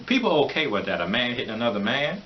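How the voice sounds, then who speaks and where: A man's voice: mid-range voice, very animated, fast talker. A man giving a rambling, opinionated vlog monologue, mocking and laughing often as he talks. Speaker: vlogger. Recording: dull lo-fi recording with faint hiss.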